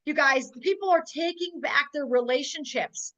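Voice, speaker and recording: A woman's voice: high-pitched, normal speed, pushed and bright, poor audio. A woman from North Dakota hosting a sales call, speaking in a fervent, repetitive rallying way while close to tears. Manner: emotional, on the verge of tears. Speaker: host of a sales webinar. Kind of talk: emotional motivational pitch.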